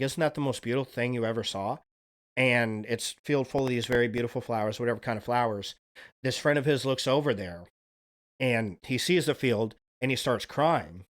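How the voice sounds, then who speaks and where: A male host speaks in a loose, unscripted monologue, earnest and a little rambling. His voice sits at an ordinary middle pitch, and he swears casually while circling back over his own words. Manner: earnest, profane, rambling with restarts. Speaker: self-help video host.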